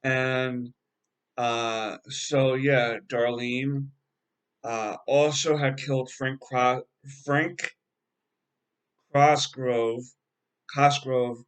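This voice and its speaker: A man casually recapping a TV episode as a reviewer, halting and rambling with frequent filler words and a laid-back, slangy way of talking. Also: mid-range voice, flat delivery, clear, resonant tone. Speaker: TV show reviewer.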